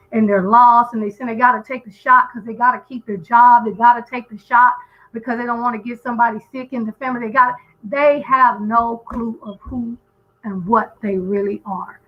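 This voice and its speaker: Earnest woman caller on a lo-fi line. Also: fairly high pitch. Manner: earnest, emphatic storyteller with frequent restarts. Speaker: guest caller on a live stream. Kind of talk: casual call-in chat.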